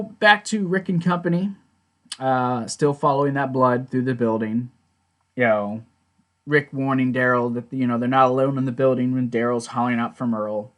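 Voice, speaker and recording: A chatty man talks through a TV episode in a casual recap. His pitch sits in a plain middle range, and he shares blunt opinions with the odd swear word. He keeps slipping into quotes of the characters as he retells each scene. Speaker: TV show reviewer.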